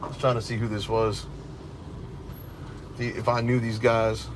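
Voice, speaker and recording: A man's voice: medium pitch, level tone, measured pace, background noise. A tired man vlogging from inside his parked car, rambling to viewers with sarcastic asides. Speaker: cop-watch vlogger. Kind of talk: casual running commentary to viewers.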